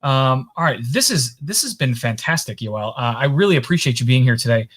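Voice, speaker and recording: A man's voice: mid-range voice, animated, fairly quick, a bit bright, breathy edge. A man hosting a casual interview over a video call, friendly, with hesitant restarts. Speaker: show host.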